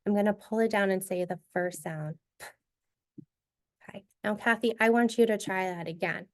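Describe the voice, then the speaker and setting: A woman speaking at medium pitch and a little fast presents a session for training teachers. She models a reading activity step by step, keeping her instruction clear.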